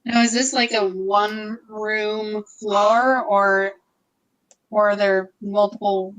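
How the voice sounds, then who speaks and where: A woman's voice: medium pitch, little pitch movement, slow, fairly bright tone, rough recording. A woman player in a tabletop game, asking careful questions about the scene. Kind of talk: casual tabletop play.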